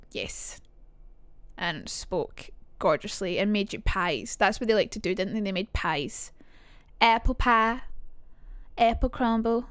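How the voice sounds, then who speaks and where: A woman's voice: fairly high pitch, fairly bright tone, dry recording. Chatty woman streamer. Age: young adult. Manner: chatty, reacts to chat, swears casually. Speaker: streamer teaching accents. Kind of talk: casual live-stream chat.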